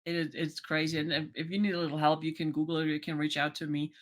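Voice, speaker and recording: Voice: mid-range voice, fast talker. A life coach talking casually to a vlog audience, chatty and full of "you know" and "right?", acting out remembered conversations. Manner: acts out remembered conversations in lively voices. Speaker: life coach and channel host.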